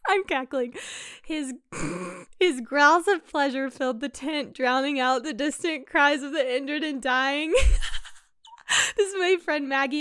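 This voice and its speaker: A woman's voice: sits high, fairly bright tone, clean tone, no echo, studio quality. A young woman hosting her own podcast, chatting casually and reading out listener answers in a bubbly, giggly way. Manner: bubbly, giggly, quick asides. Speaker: podcast host and shop owner.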